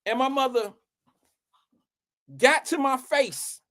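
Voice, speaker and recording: A man's voice: extremely high pitch, takes it slowly. A young man, telling a personal story to his audience as a show host and acting out the quotes. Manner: animated, acts out quotes with raised voice.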